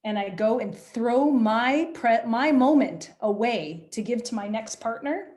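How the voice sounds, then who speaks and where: Upbeat woman coaching a virtual workshop on presenting, lively and hands-on, sounds like a video call. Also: fairly high pitch, a little slow. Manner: energetic, animated, demonstrative. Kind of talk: online workshop lecture.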